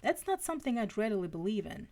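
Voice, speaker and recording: A woman's voice: medium pitch, big pitch swings, quick pace, darkish tone. A woman voicing a cool, firm, skeptical female FBI agent who speaks in a clipped way.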